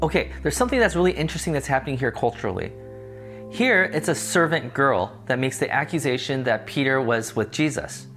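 A man's voice: medium pitch, animated, a little fast, a bit bright, soft background music. A man teaching a Bible study lesson, reading the passage and then explaining it in a conversational way. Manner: conversational, explains context in plain terms.

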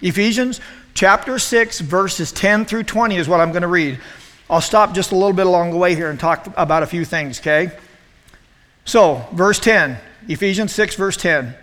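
Man, 40s, youth pastor, high voice, animated storytelling sermon, hall reverb. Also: normal speed. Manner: animated, acts out quotes, self-deprecating humor. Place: church youth room.

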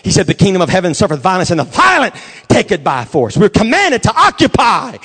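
A man with a high, bright preaching voice delivers a sermon in a church. He shifts from hushed, intimate storytelling to soaring, shouted declarations, full of fervor. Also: huge pitch swings, quick pace, breathy edge. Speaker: pastor.

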